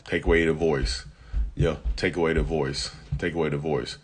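Low husky-voiced man hosting live chat. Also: steady tone, normal speed. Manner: blunt, chatty, addresses viewers as y'all. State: getting over illness, coughing. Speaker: live-stream host. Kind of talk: casual live chat reading viewer comments.

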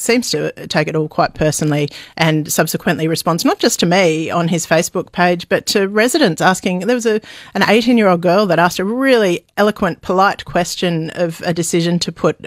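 A middle-aged Australian woman journalist speaking frankly in a radio interview, animated and hesitant with fillers. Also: lowish voice, no echo, studio quality. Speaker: journalist guest.

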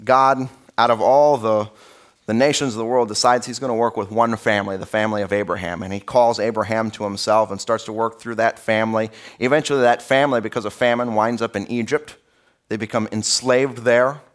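A man preaching a sermon as pastor in a church, in a conversational, animated storytelling way. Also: lowish voice, brisk. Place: church sanctuary.

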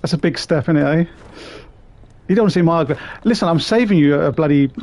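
Chatty British man, a little high. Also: a little fast, darkish tone. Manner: chatty, laughs often, self-deprecating. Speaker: game streamer. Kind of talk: casual live-stream chat with viewers.

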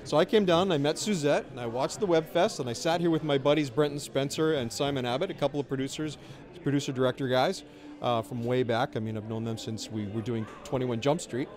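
A man's voice: mid-range voice, a little fast, a little mellow. A middle-aged man in a casual interview, telling stories in a chatty, wry and self-deprecating way. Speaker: interviewee, filmmaker. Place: outdoors at a festival.

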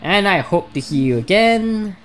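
A woman's voice: mid-range voice, animated, measured pace. A woman hosting a let's play, reading a visual novel's narration aloud in a chatty, lightly wry way.

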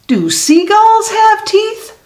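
A woman doing an eager little girl, high. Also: very animated, slow, heavily acted. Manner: bright, questioning, childlike. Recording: echoey room.

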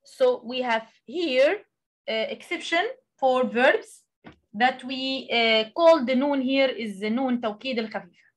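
Woman, Arabic native speaker, recitation tutor, high voice, halting explanations. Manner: explains slowly with many hesitations, recites Arabic examples. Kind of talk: online tajweed lesson.

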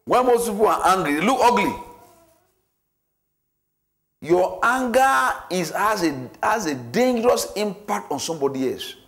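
Animated man teaching a church class. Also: high-pitched, unhurried, long pauses. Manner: repetitive, animated, acts out scenarios.

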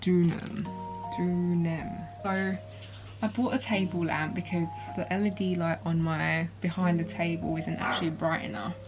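A woman's voice: lowish voice, fairly even intonation, moderate pace, highs cut off. A young woman chatting casually in her vlog, talking fondly and getting easily moved. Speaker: vlogger. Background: background music.

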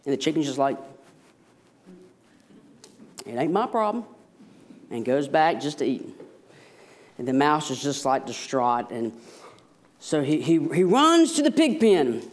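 Man, associate pastor, sermon, animated, pitch moves a lot. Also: moderate pace. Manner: storytelling, animated, self-deprecating jokes.

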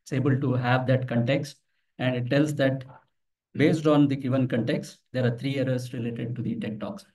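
A man presents a live tech demo at a meetup, his voice in the middle pitch range. He talks casually, tells stories and puts questions to the audience. The voice comes from some distance off the microphone in an office meeting room. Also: fairly even intonation, normal speed, warm tone. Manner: conversational, tells anecdotes, asks the audience questions. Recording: voice from far off the mic.

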